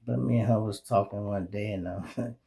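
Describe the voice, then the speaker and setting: A middle-aged man with a Chicago accent hosting his own show, telling animated, streetwise stories in a casual monologue full of profanity. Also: lowish voice, fairly quick, creaky. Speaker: show host.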